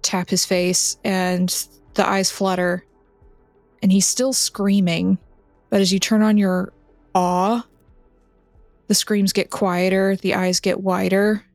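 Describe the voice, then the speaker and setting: A woman narrating a tabletop game as game master, in a measured, descriptive way. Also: mid-range voice, no room sound.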